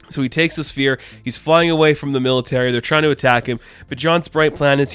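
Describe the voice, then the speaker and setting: A man's voice: mid-range voice, fairly even intonation, a little fast, hardly any pauses, fairly bright tone, smooth, soft background music. A man giving a casual comic book review, chatty and full of fillers, loosely paraphrasing what the characters say.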